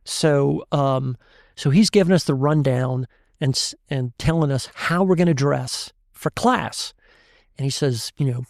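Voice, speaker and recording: A man, a chef and guest, telling an animated story in casual chat and laughing often. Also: medium pitch, unhurried, vocal fry, no room sound, studio quality. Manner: animated, laughs often, tells stories with voices.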